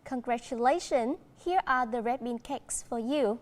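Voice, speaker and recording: A woman with a Vietnamese accent teaching a primary school English lesson, slow and encouraging, switching between English and Vietnamese. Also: fairly high pitch, very noisy. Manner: slow, encouraging classroom delivery.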